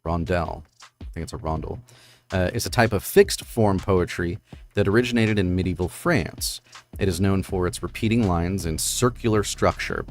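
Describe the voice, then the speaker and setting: A man hosting a live stream, explaining poetry forms in a casual, rambling way full of fillers. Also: deep voice. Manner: rambling with many fillers and "right?". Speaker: streamer host.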